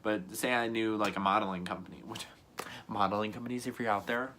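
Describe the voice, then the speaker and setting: A man's voice: lowish voice, fairly even intonation, a little fast, bright, forceful tone, a little hiss or hum. A young man telling a casual storytime vlog to camera, rambling and earnest, full of "like" and "you know what I mean". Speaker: YouTuber.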